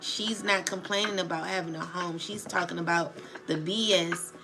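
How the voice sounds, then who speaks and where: A woman's voice: fairly low pitch, steady tone, moderate pace. A woman streaming live, ranting in agitated, profane casual slang and often asking "you know what I'm saying". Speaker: tarot channel livestreamer. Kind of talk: emotional livestream rant. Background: background music.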